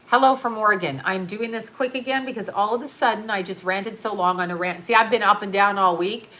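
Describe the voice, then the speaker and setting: A tired, yawning woman, an astrologer hosting a livestream from her home studio, loosely chats and responds to viewer comments as they arrive. She rambles, drifts between thoughts, and is blunt and quick to swear. Her mid-range voice sounds bright and forceful.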